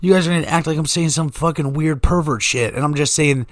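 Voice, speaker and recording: A man's voice: fairly high pitch, quick pace, no echo. A man, hosting a podcast in a joking, profane monologue that keeps going off on tangents. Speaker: podcast host. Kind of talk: rambling comedic monologue.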